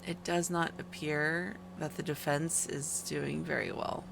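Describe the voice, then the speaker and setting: Woman streamer, groggy and hoarse-cracking, heavy vocal fry, chatty and self-mocking, noisy background. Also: deep voice, fairly even intonation, a little slow. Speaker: live streamer. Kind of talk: casual chat to stream viewers.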